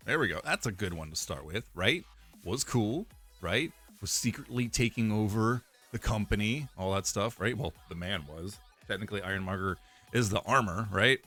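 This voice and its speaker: A man's voice: on the low side, pushed and bright. A young man streaming live, chatting casually and rambling, repeating himself with fillers and laughs.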